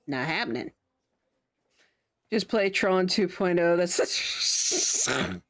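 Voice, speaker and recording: Giggly, lively woman streamer. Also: fairly low pitch, slow pace. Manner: giggly, chatty, laughs often. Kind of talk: casual let's-play commentary.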